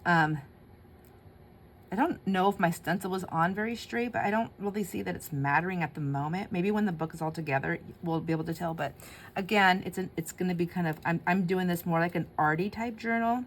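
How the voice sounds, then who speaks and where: Low-voiced woman chatting while crafting. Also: a little fast, slight background noise. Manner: chatty, laughs often, talks to herself while working. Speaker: craft channel host. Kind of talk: casual crafting chat to viewers.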